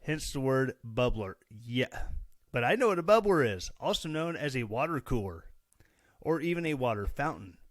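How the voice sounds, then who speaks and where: A man's voice: mid-range voice, big pitch swings, normal speed, no echo, clean studio sound. A man from Missouri hosting a casual podcast, chatty and sarcastic with a self-mocking streak. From Missouri, USA. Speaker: podcast host. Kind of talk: casual solo podcast commentary.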